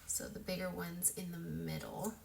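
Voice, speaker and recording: A woman's voice: fairly low pitch, level tone, normal speed, creaky, heavy background noise. Chatty woman giving a lash tutorial. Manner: chatty, loose, full of "like" and "um". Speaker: beauty vlogger. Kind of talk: casual makeup tutorial.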